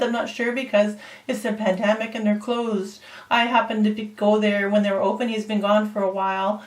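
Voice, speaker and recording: A woman's voice: medium pitch, flat delivery, moderate pace. Woman vlogging about her pet bird, chatty, kinda far from the mic in an echoey room. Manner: chatty and emotional, talks to her parrot in a cooing voice. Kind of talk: casual vlog monologue.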